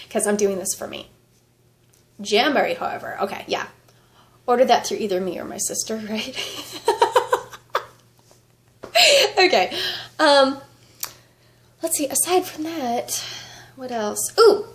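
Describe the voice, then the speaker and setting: A woman vlogger with a fever, chatting casually and rambling, with frequent laughter. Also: fairly high pitch. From United States. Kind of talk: casual vlog chat.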